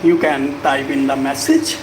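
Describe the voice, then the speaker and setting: Slow, deliberate teacher. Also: male voice, medium pitch, expressive. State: sweating from the heat. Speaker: English speaking teacher. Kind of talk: live-stream English lesson. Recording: echoey room with background noise.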